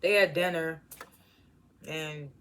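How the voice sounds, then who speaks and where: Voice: medium pitch, fairly even intonation, bright, forceful tone. Casual reviewer laughing through a recap. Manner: laughs often while recapping; acts out characters' lines with quick voice changes. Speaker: TV episode reviewer.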